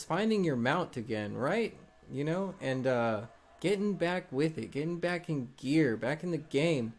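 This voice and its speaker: A man's voice: a little high, darkish tone. A man doing a live tarot reading, encouraging and loose, rambling with many fillers. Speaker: tarot reader.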